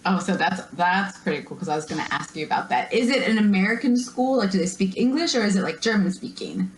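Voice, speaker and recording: Lively-voiced woman hosting a podcast. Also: mid-range voice, fast talker. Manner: friendly, asks follow-up questions. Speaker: podcast host. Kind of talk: casual interview chat. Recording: echoey room.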